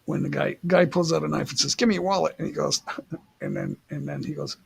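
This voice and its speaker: A man's voice: fairly high pitch, huge pitch swings, brisk, gravelly, breathy edge. A man hosting a livestream, chatting casually and rambling as he reads the chat aloud. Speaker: livestream host.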